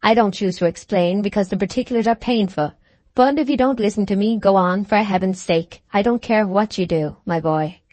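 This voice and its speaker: Read by a woman, a composed older gentleman who talks slowly and with firm decision, sounding faintly superior. His lines land with calm authority in a dry, close audiobook recording. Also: sits high, dry recording, natural voice. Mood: stern. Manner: slow, resolute, supercilious.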